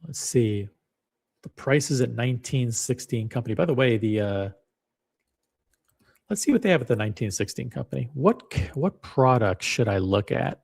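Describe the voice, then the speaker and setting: Browsing listings during a casual screen-share, the host of a watch channel reads them aloud with wry, musing remarks. His mid-range voice is gravelly yet a little mellow, expressive, and delivered at normal speed.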